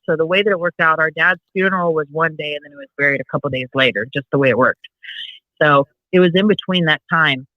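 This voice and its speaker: A woman co-hosting a podcast, casually telling a personal story and retelling dialogue in a hushed voice. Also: sits low, dry recording, muffled recording. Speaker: podcast co-host.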